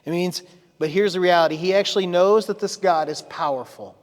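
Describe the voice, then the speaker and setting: High-voiced man preaching in a reverberant hall. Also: fairly quick. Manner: conversational preaching, reads scripture with dramatic emphasis. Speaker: pastor. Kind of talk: sermon. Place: church sanctuary.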